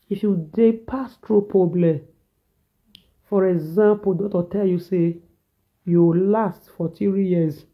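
A Nigerian man delivers a preachy, repetitive rant in a reaction video, moving between pidgin and a local language. His voice sits high. The sound is thin and tinny, like a phone line. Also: fairly even intonation, slow. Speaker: social media commentator.

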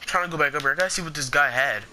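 A young man giving casual gameplay commentary, excitable and foul-mouthed, trash-talking the players he fights. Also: a little high, very fast, a little hiss or hum. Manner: excitable, swears a lot, trash-talks opponents.

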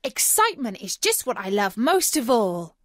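A woman voicing a nervous, eager young schoolboy in a storybook, speaking high and hesitantly. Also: sing-song, moderate pace, no room sound, studio quality.

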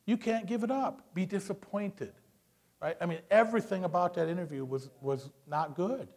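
A man teaching a class on public speaking, commenting on a video in a lively way and acting out quotes with dramatized voices. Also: high voice, normal speed. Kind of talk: classroom lecture analyzing a video.

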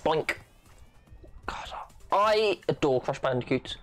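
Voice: mid-range voice, lively intonation, takes it slowly, fairly bright tone, faint music behind. A gaming channel host giving playful, goofy let's-play commentary, full of silly sound effects and chatter.

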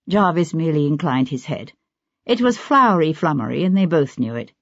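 Husky audiobook narrator, dry sound. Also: mid-range voice, sing-song, brisk, no echo. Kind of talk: scripted narration. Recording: dull lo-fi audiobook recording.

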